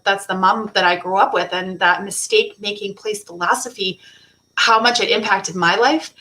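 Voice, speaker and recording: A woman co-hosting a live online summit, telling a heartfelt story in an expressive, conversational way over a video call. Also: medium pitch, low-quality recording. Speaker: co-host. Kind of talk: casual chat.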